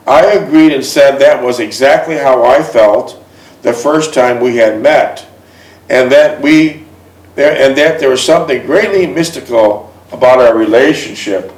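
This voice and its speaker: A man hosting the show, reading a memoir aloud in a steady voice and asking an older guest friendly, prompting questions. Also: medium pitch. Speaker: interviewer and host. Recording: roomy, distant mic.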